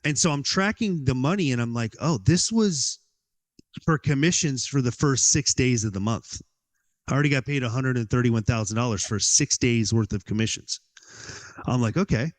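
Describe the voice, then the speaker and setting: He's a guest on a podcast, recounting something that happened to him in a lively way and voicing what he was thinking. His mid-range voice moves briskly, full of "like"s.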